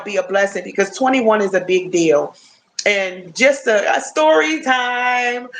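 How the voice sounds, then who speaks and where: A woman in her fifties chatting casually and warmly to her viewers on a phone livestream, often checking in with "you know what I'm saying?". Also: medium pitch, slight background noise. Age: 50s. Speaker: livestream host.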